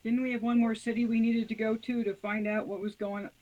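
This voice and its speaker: Player guy asking stuff, really high voice. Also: little pitch movement, fairly quick, dull audio. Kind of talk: casual tabletop chat.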